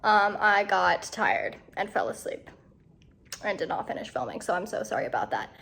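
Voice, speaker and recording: A woman's voice: medium pitch, big pitch swings, normal speed, creaky, fairly bright tone. A young woman vlogger and rider, talking in a chatty, self-deprecating way with lots of "like". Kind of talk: casual vlog voiceover and on-camera chat.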